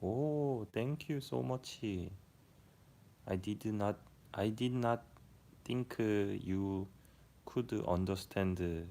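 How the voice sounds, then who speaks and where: A man's voice: fairly low pitch, very slow, gravelly, pauses often, mellow. A man from Korea speaking English in a mix of American and Korean accents, chatting casually and jokily with viewers on a livestream. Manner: chatty, answers chat, jokey. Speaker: livestream host. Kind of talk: casual live-stream chat with viewers.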